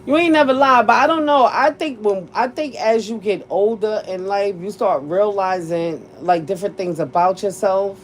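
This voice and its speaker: A woman talks frankly about her own life, swearing freely and laughing between points. Her pitch sits in the middle of the usual range for a woman. A faint noise floor lies under the recording. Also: moderate pace, few pauses, rough recording. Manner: blunt, profane, laughs often. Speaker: podcast host. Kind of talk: candid casual chat.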